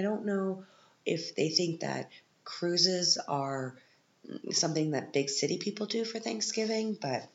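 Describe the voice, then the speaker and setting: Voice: mid-range voice, lively intonation, unhurried, echoey room, dull audio. A podcast host recapping a film from their living room in a rambling, sarcastic way, full of asides.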